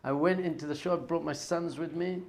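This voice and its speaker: A middle-aged man, a rabbi, telling a story with excitement, his voice swinging from loud enthusiasm to hushed awe. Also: fairly high pitch, normal speed. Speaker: rabbi and teacher.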